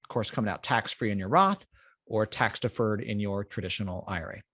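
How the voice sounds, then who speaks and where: A man's voice: on the low side, brisk, dry recording, studio quality. A man hosting a podcast, a lawyer chatting casually and emphatically about investing. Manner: emphatic, acts out clients' excited questions.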